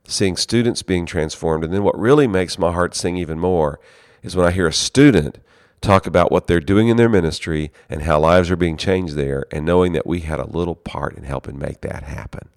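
A very low-voiced man leads a seminary and gives an earnest, conversational talk on ministry. His delivery feels personal and storytelling, and the close, dry recording has little room sound. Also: normal speed, darkish tone, no echo. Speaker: seminary leader.

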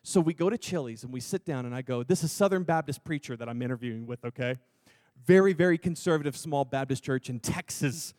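A man preaching a testimony sermon, moving from hushed, slow moments to loud, excited storytelling. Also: medium pitch, dry recording, clean studio sound. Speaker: pastor.

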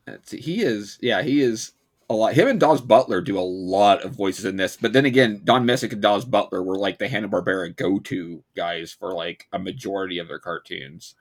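A man co-hosting a podcast, talking casually in a chatty, halting way with frequent laughs. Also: lowish voice. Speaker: podcast co-host.

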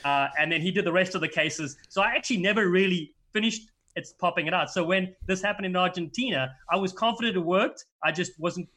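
Guy, middle-aged rugby commentator, chatty, stumbles and restarts a lot, voice sits a bit high. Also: brisk, hardly any pauses. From South Africa. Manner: animated storyteller with many restarts. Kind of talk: casual chat, storytelling.

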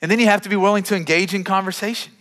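A man's voice: sits high, fairly even intonation, rapid-fire, fairly bright tone, big-room sound. A male pastor preaching a sermon in a conversational way, often repeating words as he starts sentences.

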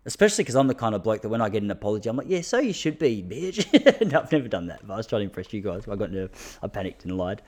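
A man's voice: on the low side, rapid-fire, a little mellow. Chatty, self-mocking Australian man. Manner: chatty, self-mocking, laughs often, trails into restarts. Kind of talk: casual monologue to listeners.

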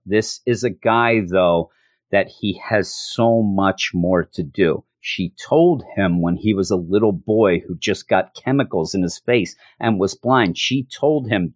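A man giving an animated, emotional recap of a show, with frequent restarts. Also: low-pitched, unhurried, dry recording, clean studio sound. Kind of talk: casual episode recap.

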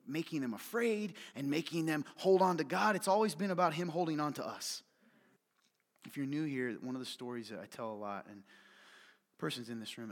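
Animated preaching man, ringing hall. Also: fairly high pitch. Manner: animated, joking with the congregation, asks questions. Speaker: pastor. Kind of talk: sermon. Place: church hall with an audience.

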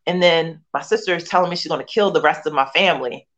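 A woman's voice: sits low, fast, fairly bright tone. Earnest woman telling her testimony, lo-fi. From Philadelphia, USA. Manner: earnest, emotional storytelling with frequent you-knows and restarts. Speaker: author and guest. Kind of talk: personal testimony in conversation.

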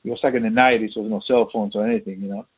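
Man, husky, tinny phone-like line, casual profane storyteller who acts out the quotes. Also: lowish voice, fairly even intonation, rapid-fire.

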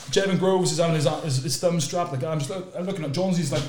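Fast-talking man telling a story. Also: echoey room, background noise. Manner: lively anecdote-telling, drops low and quiet for asides. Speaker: podcast host and former sevens captain. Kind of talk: animated storytelling in a casual chat.

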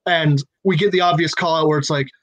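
A man's voice: on the high side, fairly even intonation, brisk, highs cut off. A man in a casual creative brainstorm, thinking aloud and laying out plot ideas step by step. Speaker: writer in a story brainstorm.

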